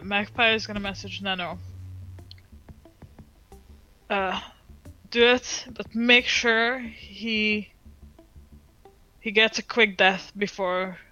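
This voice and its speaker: A woman's voice: medium pitch, flat delivery, slow, pushed and bright. A woman playing a tabletop game, talking casually with hesitant fillers. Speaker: player. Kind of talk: tabletop role-play. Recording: dull lo-fi recording.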